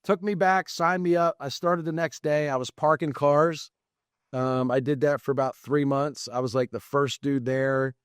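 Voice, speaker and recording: Animated storytelling man, dry sound. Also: on the high side, normal speed, clear, resonant tone, no room sound. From United States. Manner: animated, acts out quoted dialogue. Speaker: podcast guest, real estate investor. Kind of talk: casual storytelling interview.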